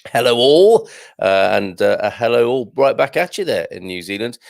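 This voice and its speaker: A man's voice: mid-range voice, sing-song, moderate pace, vocal fry, no echo, clean studio sound. Chatty, giggly male live-stream host. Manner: chatty and playful, giggles often, self-deprecating asides. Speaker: host of a live morning show. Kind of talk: casual live-stream chat reading out viewer comments. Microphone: headphones and studio mic.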